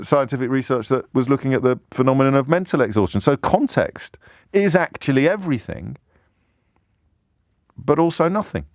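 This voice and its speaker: A man's voice: medium pitch, dry recording, studio quality. A man hosting a radio phone-in, musing aloud in a conversational, self-deprecating way with many stammered restarts. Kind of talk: talk radio monologue. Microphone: studio microphone.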